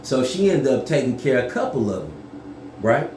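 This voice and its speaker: A man telling a story casually to camera, profane and animated, yelling when he acts things out. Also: mid-range voice, brisk, reverberant, a little hiss or hum.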